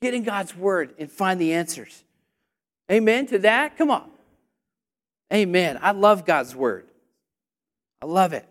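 A man with a high, light voice preaches a sermon with lots of energy. He calls out to the congregation and waits for their answers. At his peaks he nearly shouts. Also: unhurried, pauses often. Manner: energetic, call-and-response, rising to near shouting.

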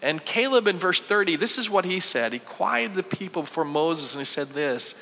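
A man in his forties preaches in a lively, conversational way, acting out the worried voices of ordinary people and asking his listeners questions. His voice is bright and sits a little high for a man. The sound carries a long hall reverb, as in a church sanctuary. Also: moderate pace, creaky, hardly any pauses, a little hiss or hum. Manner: conversational, acts out quoted voices, many rhetorical questions. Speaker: pastor. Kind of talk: sermon.

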